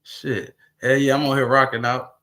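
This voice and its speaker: A man's voice: mid-range voice, level tone, moderate pace, bright, forceful tone. A man hosting his own livestream, chatting casually, rambling and swearing freely as he talks to viewers. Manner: profane, rambling, laughing between remarks. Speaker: livestream host.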